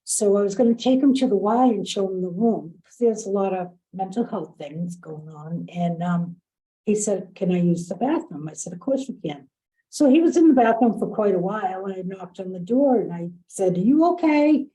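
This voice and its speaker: This program staff member has a warm, medium-pitched voice at a normal pace, though the recording is rough. Speaking over a video call during a training session, she earnestly shares a work story, repeating what others said in their own words.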